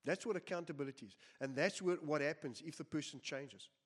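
A man's voice: fairly high pitch, brisk, slightly rough. A man preaching a sermon, earnest and emphatic, often repeating his phrases. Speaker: pastor.

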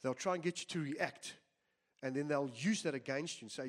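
A man's voice: on the high side, a little fast. A man preaching a sermon, earnest and emphatic, often repeating his phrases. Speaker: pastor.

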